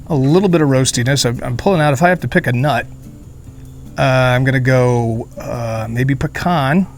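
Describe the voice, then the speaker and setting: A man talks his way through a beer review outdoors in a hot beer garden, sweating as he goes. His voice sits at an ordinary middle pitch, and he rambles along with joking asides and fillers in a loose vlog style. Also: moderate pace, soft background music. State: sweating in the heat. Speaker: beer reviewer, channel host.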